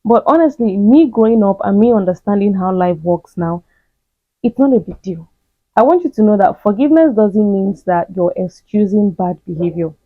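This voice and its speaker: A woman's voice: mid-range voice, moderate pace, dry recording. A woman giving a blunt, preachy self-help talk, hammering the same points again and again. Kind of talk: direct-to-camera advice monologue. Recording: tinny phone-like sound.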